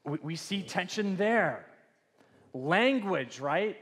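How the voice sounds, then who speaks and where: A man's voice: on the high side, moderate pace. A man preaching a sermon as pastor in a loose, joking, conversational way. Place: church sanctuary. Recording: long church hall reverb.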